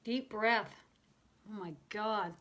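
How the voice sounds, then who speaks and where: An emotional woman medium speaks during a live channeling session. Her voice moves from excited, laughing bursts to soft, hushed passages, and at times she sounds close to tears. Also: medium pitch, slow pace. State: near tears. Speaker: spiritual medium.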